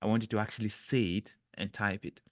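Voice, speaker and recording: A man coaching a live online group, his voice sitting fairly low. He talks earnestly and haltingly, often restarting and repeating words. The sound is dry and close, with no room echo. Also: little pitch movement. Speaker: mindset coach leading an online session. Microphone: webcam.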